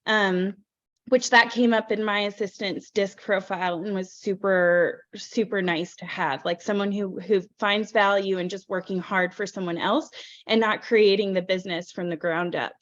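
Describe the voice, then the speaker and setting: A woman's voice: mid-range voice, steady tone, moderate pace, muffled recording. A woman hosting a podcast, bubbly and effusive, with lots of fillers. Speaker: podcast host. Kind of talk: casual chat.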